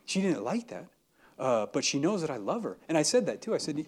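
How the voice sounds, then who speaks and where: A man's voice: a little high, very animated, brisk, slightly rough. A young adult man giving an earnest, conversational sermon, acting out everyday dialogue as he speaks. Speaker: preacher.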